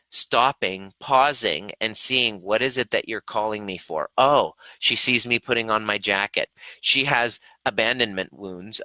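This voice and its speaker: A man's voice: lowish voice, bright, forceful tone, dry recording, poor audio. A middle-aged man coaching viewers in a live question-and-answer stream, earnest and reflective, acting out his own reactions as he talks.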